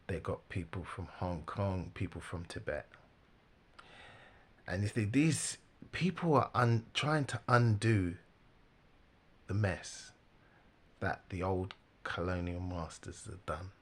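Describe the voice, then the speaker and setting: A man giving casual, animated religious commentary, laughing often and mimicking the people he talks about. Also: low voice, breathy edge.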